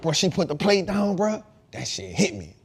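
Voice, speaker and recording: Male host, 30s, casual storyteller, raised pitch, very lively delivery. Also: moderate pace, creaky, background noise. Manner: animated, slangy, shifts from loud to hushed.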